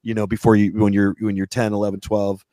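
A man's voice: fairly low pitch, fast, no room sound. A man hosting a radio talk show, telling a long story in a casual, swearing rant and acting out what other people said. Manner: animated, swears, acts out quoted people.

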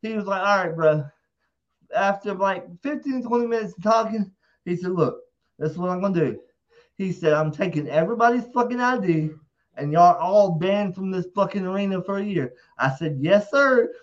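A man telling a rowdy story in casual talk, animated and profane, acting out quotes loudly. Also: high voice, moderate pace, lo-fi sound. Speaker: interview guest.

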